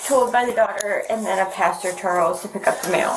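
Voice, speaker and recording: A woman's voice: mid-range voice, brisk, low-quality recording. A woman questioned by police as a suspect, answering in a rambling, hesitant and defensive way. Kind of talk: police interview.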